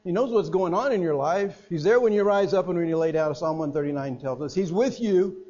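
A middle-aged man preaching a sermon, swinging between loud emphatic stresses and quiet, hushed phrases. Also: sits high, brisk. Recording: dull lo-fi sound with mains hum.

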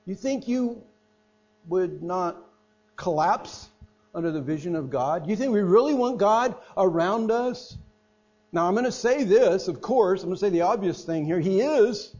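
A middle-aged man preaching a sermon, swinging between loud emphatic stresses and quiet, hushed phrases. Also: sits high, lively intonation, normal speed. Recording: dull lo-fi sound with mains hum.

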